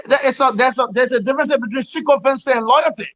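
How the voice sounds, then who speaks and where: Calling in remotely to a talk show, a Liberian man offers emphatic, opinionated political commentary in a very high, fairly bright voice, talking fast. He repeats words and laughs wryly, and the call audio is dull and lo-fi.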